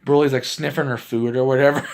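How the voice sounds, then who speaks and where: A man casually recapping a movie for his channel, rambling with lots of fillers and breaking into laughs as he gets excited. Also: medium pitch, normal speed. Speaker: movie reviewer.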